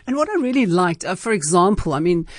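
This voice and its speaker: A woman's voice: on the low side, big pitch swings, quick pace, dry recording, clean studio sound. A woman hosting an interview, recalling a workshop with frequent restarts and affirming murmurs. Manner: hesitant, many restarts and fillers, affirming. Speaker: interviewer, host. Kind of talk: conversational interview.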